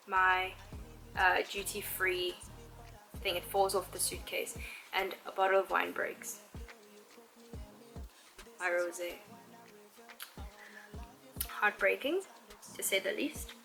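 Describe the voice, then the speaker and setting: Animated woman telling a story. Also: mid-range voice, takes it slowly, gravelly, pauses often, poor audio. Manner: animated storyteller, heavy use of "like". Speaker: vlogger. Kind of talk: get-ready-with-me storytime. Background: background music.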